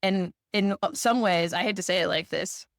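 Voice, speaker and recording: A woman in a casual conversation, reflective and animated as she tells a story. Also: on the low side, normal speed, vocal fry, dry recording, studio quality. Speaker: podcast co-host.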